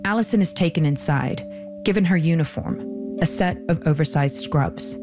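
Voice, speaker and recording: A woman hosting a documentary podcast, reading scripted narration in a measured way. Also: deep voice, over music. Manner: measured, even storytelling delivery.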